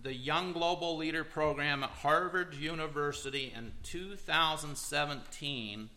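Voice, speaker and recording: Bright-voiced man preaching. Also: fairly high pitch, a little slow, rough recording. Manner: emphatic, reads quotes aloud with stress. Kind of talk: sermon-style commentary.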